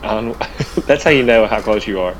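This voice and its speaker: Laid-back low-voiced man co-host. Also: moderate pace, slight background noise, poor audio. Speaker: podcast co-host. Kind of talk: casual chat.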